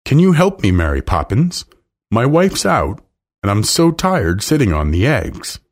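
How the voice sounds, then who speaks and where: A man's voice: medium pitch, big pitch swings, measured pace, pitched above the performer's own voice. Man voicing a weary, pleading parrot. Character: tired, pleading male parrot.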